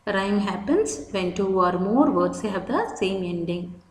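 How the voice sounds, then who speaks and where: A woman's voice: mid-range voice, lively intonation, a little slow, echoey room, low-quality recording. A woman teaching a literature lesson, patiently explaining terms and spelling words out. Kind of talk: slow explanatory lecture.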